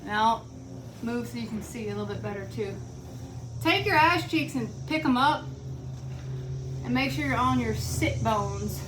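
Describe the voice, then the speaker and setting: A woman's voice: on the high side, animated, measured pace, long pauses, noisy background. A young woman coaching a home workout in a blunt, chatty way, out of breath and counting reps aloud. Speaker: fitness instructor. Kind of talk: casual workout instruction.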